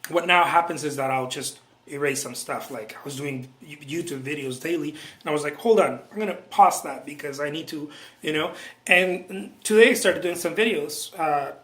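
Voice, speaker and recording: A man, a painter, talking casually to camera in his studio, rambling with restarts and frequent soft chuckles, keeping his voice low late at night. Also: normal speed, reverberant. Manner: loose and self-interrupting, chuckling often, many restarts and asides. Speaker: painter vlogging about his work. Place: art studio indoors.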